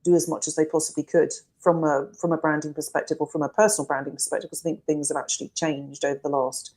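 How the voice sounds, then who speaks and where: A woman, a company co-founder, talking on a video-call panel in a hesitant way with many pauses and fillers. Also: low-pitched, little pitch movement, a little mellow. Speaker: co-founder guest. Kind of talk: casual panel chat.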